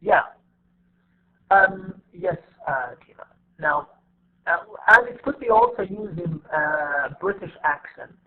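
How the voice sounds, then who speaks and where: High-voiced teacher on a tinny line. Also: male voice, lively intonation, slow pace. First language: Arabic. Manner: repetitive, explains step by step with many fillers. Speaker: English teacher. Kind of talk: online class lecture.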